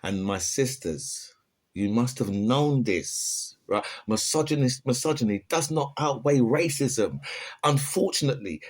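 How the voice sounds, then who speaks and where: A man's voice: medium pitch, animated, measured pace, darkish tone. Impassioned British man ranting. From United Kingdom. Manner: impassioned, ranting, keeps asking "right?". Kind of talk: opinion monologue.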